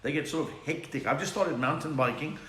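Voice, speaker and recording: A little hiss or hum runs under this echoey home recording of an older South African comedian chatting live during lockdown. He tells jokes and reads viewers' comments aloud in a voice on the high side, a bit bright and a little fast.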